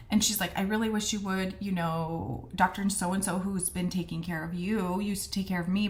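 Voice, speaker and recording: A woman casually telling a personal story to camera, chatty and earnest, acting out the conversations she quotes. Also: lowish voice. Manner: frequent fillers and restarts, earnest. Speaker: vlogger sharing a personal health story.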